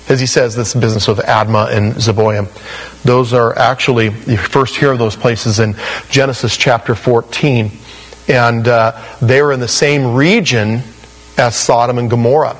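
A man's voice: medium pitch, steady tone, moderate pace, low-quality recording. Conversational man preaching a verse-by-verse sermon. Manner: conversational and emphatic, with frequent 'you know'. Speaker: pastor. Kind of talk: expository sermon.

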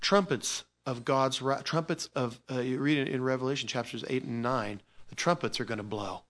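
A pastor preaches an animated, informal sermon, moving from loud exclamations to quiet asides, repeating words and restarting sentences. His voice is mid-range and his pace moderate.

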